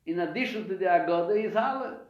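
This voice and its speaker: A man's voice: sits high, quick pace. A man teaching a live Torah class, posing questions and answering them himself with frequent restarts. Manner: animated, asks and answers his own questions. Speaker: rabbi teaching a weekly class. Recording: echoey room, dull lo-fi sound.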